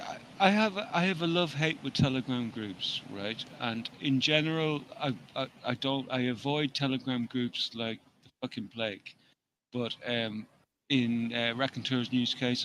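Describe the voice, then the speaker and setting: A man's voice: medium pitch, a bit bright, a little hiss or hum, rough recording. A man co-hosting a casual live chat, foul-mouthed and mocking, laughing at his own jokes. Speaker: co-host.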